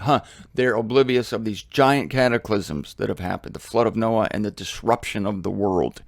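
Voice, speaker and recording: Animated American man teaching the Bible. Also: fairly low pitch, normal speed, vocal fry, no echo, studio quality. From United States. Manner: casual and animated, with asides and chuckles. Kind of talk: conversational Bible study teaching. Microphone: studio mic with headphones.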